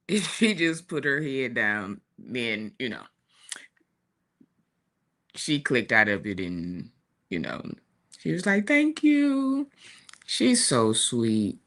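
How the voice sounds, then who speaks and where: Slow-talking chatty woman. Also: very deep voice, sing-song. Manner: chatty, warm storytelling with laughs and asides. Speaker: talk show co-host. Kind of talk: casual chat. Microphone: streaming studio mic.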